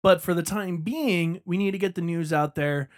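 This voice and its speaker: A man's voice: high voice, moderate pace. A man hosting a podcast in a chatty, rambling, enthusiastic way. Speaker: podcast host. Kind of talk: casual podcast monologue.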